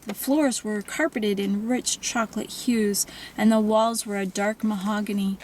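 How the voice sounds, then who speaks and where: A woman narrating a novel in a calm, even storytelling manner. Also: mid-range voice, a little slow, slight background noise, rough recording. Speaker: audiobook narrator.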